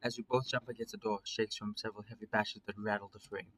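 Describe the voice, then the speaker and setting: A man reading a visual novel aloud in first-person narration, steady and measured. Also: fairly low pitch. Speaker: story reader.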